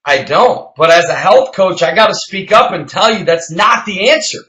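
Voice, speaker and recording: Fired up health coach guy, high bright voice, kinda shouty, echoey room. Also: lively intonation, moderate pace. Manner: passionate, emphatic, gets loud and shouty. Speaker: health coach and show host. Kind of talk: energetic podcast talk.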